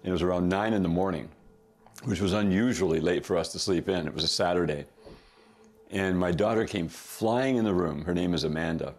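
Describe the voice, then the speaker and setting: Middle-aged guy, deep voice, chatty storytelling, laughs a lot as he goes. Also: a little mellow. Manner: chuckles often, quick asides. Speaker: podcast guest. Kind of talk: casual storytelling.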